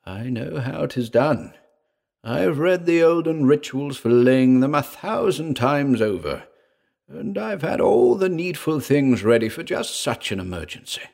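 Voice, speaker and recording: A man's voice: medium pitch, sing-song, unhurried, creaky, darkish tone, exaggerated voice. A man voicing an old male vault caretaker who speaks in old-fashioned, pleading tones. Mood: grave.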